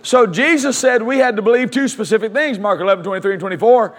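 High-voiced emphatic male preacher. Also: fairly bright tone. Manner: emphatic, slows down to stress scripture phrases; leads the congregation in call-and-response. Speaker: pastor. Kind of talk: sermon. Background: congregation responding.

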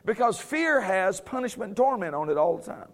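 Male preacher, high-pitched, conversational Bible teaching, frequent chuckles, sarcastic humor with firm emphasis. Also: very animated, a little fast.

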